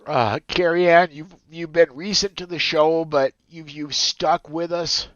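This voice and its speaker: A man hosting a podcast, thanking his co-hosts, emotional and halting with many fillers. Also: on the high side, fairly even intonation, fairly bright tone, dry recording, dull audio. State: choked up, emotional. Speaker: podcast host. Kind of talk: emotional farewell chat.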